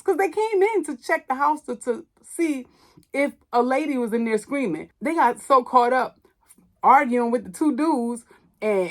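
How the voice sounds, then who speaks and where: A woman hosting a movie podcast, casually retelling a film's plot and acting out the characters' lines with lively commentary. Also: medium pitch. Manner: animated storytelling, acts out characters' lines. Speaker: podcast host. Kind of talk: casual movie review monologue.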